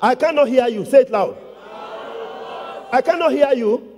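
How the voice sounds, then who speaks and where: A male pastor preaching a sermon in call-and-response style, with repeated questions to the congregation and loud emphatic declarations. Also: extremely high pitch, moderate pace, crowd noise, noisy background. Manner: call-and-response preaching, repetitive, rising to shouts. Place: church. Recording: long church hall reverb.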